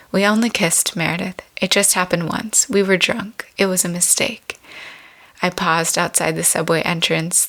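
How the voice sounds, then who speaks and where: Low, flat-voiced woman reading her memoir. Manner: measured, reflective storytelling.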